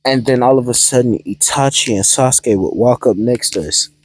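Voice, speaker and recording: A man's voice: medium pitch, moderate pace, dry recording, poor audio. A man casually improvising a fan-fiction story, rambling and hesitant with many ums and restarts.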